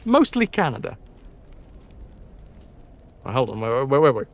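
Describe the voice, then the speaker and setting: A man's voice: mid-range voice, very animated, measured pace. Man reading old stories aloud on a stream. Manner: stumbling over words, breaks off for joking asides; casual, swears now and then.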